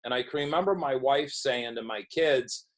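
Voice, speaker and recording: A man's voice: mid-range voice, normal speed, low-quality recording. Middle-aged man telling a vivid story. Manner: storytelling, acts out quoted dialogue. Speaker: podcast guest. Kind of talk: recovery story told in an interview.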